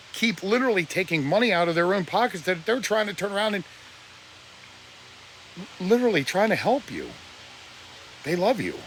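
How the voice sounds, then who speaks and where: A man lecturing his viewers on a live stream, blunt and preachy, sounding close to tears. His voice sits a little high and swoops up and down. Faint noise hums under the phone mic. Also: a bit bright. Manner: preachy and blunt, voice breaking with emotion. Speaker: livestreamer. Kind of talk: emotional live-stream rant.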